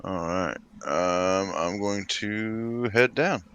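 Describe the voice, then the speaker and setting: A man playing a tabletop game, excitable and laughing, swearing freely in casual chat. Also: low-pitched, extremely slow, clean tone, no echo, highs cut off. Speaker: player.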